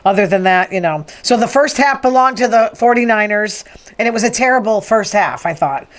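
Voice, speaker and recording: A woman's voice: mid-range voice, animated, a little fast. A woman, hosting a rambling, opinionated casual monologue. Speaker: podcast host.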